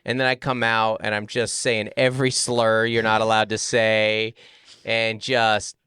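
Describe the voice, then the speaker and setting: A middle-aged man co-hosting a podcast, joking and bantering in a lively, quick way. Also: lowish voice, clean tone, dry recording. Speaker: podcast co-host and comedian. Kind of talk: casual chat.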